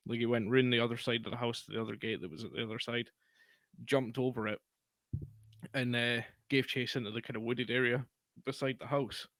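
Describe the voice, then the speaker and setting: A man's voice: medium pitch, fairly even intonation, fairly quick, a bit bright, no echo. Man, casual podcast chat, sweary, rambling, dry recording. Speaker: podcast co-host.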